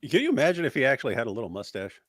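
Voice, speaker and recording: A man co-hosting a casual reaction stream, mocking and quick to jump into exaggerated impressions. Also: mid-range voice, huge pitch swings, no room sound, clean studio sound.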